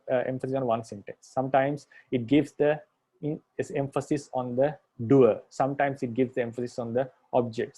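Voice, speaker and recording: Mellow-voiced monk patiently teaching grammar. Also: male voice, medium pitch. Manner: patient, repetitive, restates points with "right?". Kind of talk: explanatory lecture.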